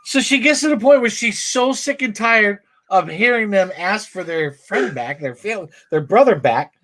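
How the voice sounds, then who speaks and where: A man's voice: high-pitched, animated, normal speed, pushed and bright. A man co-hosting a casual live-stream chat, animatedly retelling a comic plot and acting out the quoted lines. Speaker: comic book show co-host.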